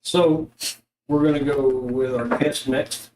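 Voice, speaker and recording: A man narrates a tabletop game as its game master, rambling along loosely and full of fillers. His voice sits at an ordinary pitch. He is heard from a distance, in a room with a lot of echo. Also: steady tone, slow pace, noisy background. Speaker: dungeon master.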